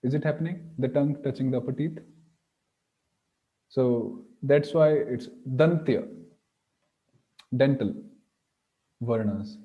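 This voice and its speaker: A man's voice: mid-range voice, slow, pauses often, highs cut off. A man teaching Sanskrit pronunciation, patiently sounding out each letter aloud. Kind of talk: online class explanation.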